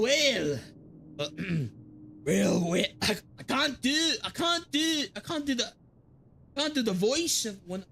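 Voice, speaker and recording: A high-voiced man from the Philippines chatters away while he plays a game live. He speaks slowly and drawls, and gets loudly excited whenever he reads out the game's text. Game music plays clearly behind him. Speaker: game streamer. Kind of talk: casual live-stream chatter while playing.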